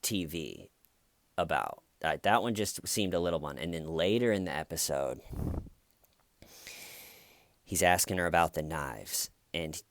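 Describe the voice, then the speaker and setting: A commentary vlogger with a deep, expressive voice gives a slow, casual, wry monologue. Now and then he mocks the people he quotes, acting out their words in mocking voices.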